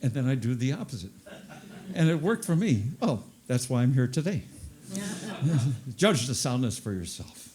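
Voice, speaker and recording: A man's voice: medium pitch, very animated, moderate pace, a little mellow. Older man doing self-deprecating stand-up. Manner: self-deprecating, with repeated punchlines. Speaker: stand-up comedian. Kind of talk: stand-up comedy routine.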